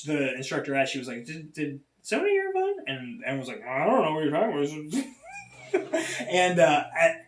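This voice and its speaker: Rambling man, roomy distant sound. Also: mid-range voice. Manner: rambling with many fillers and restarts. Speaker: podcast host. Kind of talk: casual storytelling chat.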